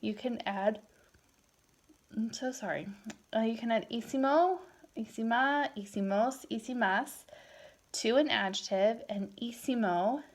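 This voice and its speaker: A woman in her thirties gives a recorded language lecture, moving easily between English and Spanish. Her voice sits a little high and sounds tired, and she talks in a loose, chatty way. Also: a little slow. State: tired, yawning. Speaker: Spanish teacher.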